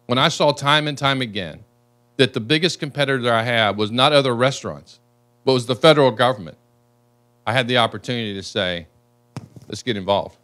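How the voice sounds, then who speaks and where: A man's voice: mid-range voice, fairly quick, sharp tone. A congressman from the United States speaking earnestly and emotionally at a town hall.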